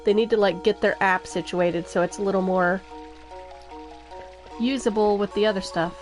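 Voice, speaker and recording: A woman's voice: medium pitch, steady tone, normal speed, faint music behind. A woman doing casual let's-play commentary, chatty and rambling as she plays. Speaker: game streamer.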